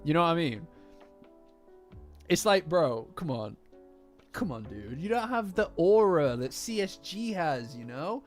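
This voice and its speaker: A young British man rants casually about a manga chapter, replying to his live chat and throwing in quick character impressions. His pitch sits a little high and swings a lot. Soft lofi music plays faintly behind him. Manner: animated, swearing, acting out characters in quick asides. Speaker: manga reaction streamer.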